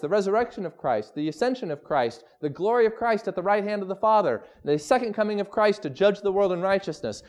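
A man preaching a sermon as pastor, emphatic, slowing down to stress scripture quotes. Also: high voice, darkish tone.

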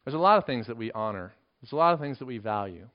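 A man preaching a sermon with earnest emphasis, dropping to a hushed voice for key points. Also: medium pitch, expressive, fast. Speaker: pastor. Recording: dull lo-fi sermon recording.

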